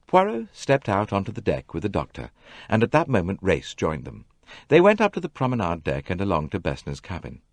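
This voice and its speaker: A man narrating an audiobook with an expressive reading. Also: deep voice, dry recording. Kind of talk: scripted narration.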